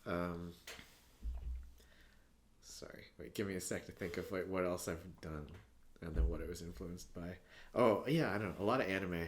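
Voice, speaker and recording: Young male podcast guest, lowish voice, loose rambling storyteller, laughs often. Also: normal speed, pauses often, slight background noise. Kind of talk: casual chat.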